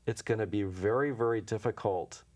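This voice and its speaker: A man's voice: fairly low pitch, moderate pace, darkish tone. A man being interviewed as an intuition teacher, telling stories in a casual, anecdotal way and acting out the dialogue with frequent chuckles. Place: local TV studio.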